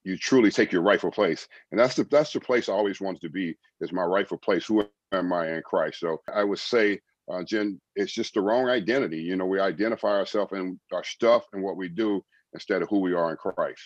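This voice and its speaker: A man's voice: sits low, fairly quick, hardly any pauses, dry recording, muffled recording. A middle-aged man earnestly telling a faith testimony in an interview, often repeating phrases as he tells it. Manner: earnest storytelling, repeats phrases, quotes God and others. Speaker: guest, former baseball player and evangelist.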